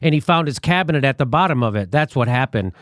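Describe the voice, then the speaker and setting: A man's voice: medium pitch, animated, fast, no room sound, studio quality. A male host in a political interview who makes wry, sarcastic quips.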